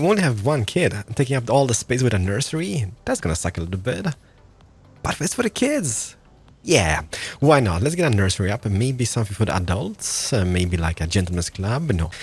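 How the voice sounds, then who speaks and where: A man's voice: lowish voice, husky. A man in his thirties giving playful, jokey let's-play commentary as a gaming video host, thinking aloud as he plays.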